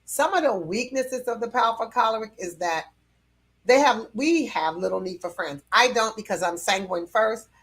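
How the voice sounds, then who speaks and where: A woman's voice: medium pitch, a bit bright, husky. Woman teaching in a chatty, laughing way. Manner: conversational, with frequent fillers and light laughs. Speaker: personality temperament teacher. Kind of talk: casual teaching talk.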